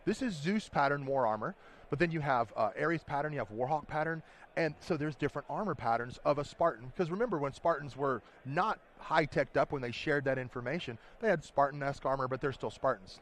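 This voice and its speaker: A man's voice: fairly high pitch, expressive, a little fast. Enthusiastic game designer man at a convention. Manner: enthusiastic, rambling explanations with restarts. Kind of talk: convention floor interview. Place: busy convention hall.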